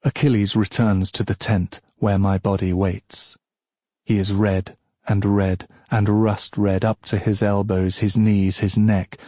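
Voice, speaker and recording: A man narrating an audiobook in a measured, solemn storytelling manner. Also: lowish voice, darkish tone, no echo, clean studio sound.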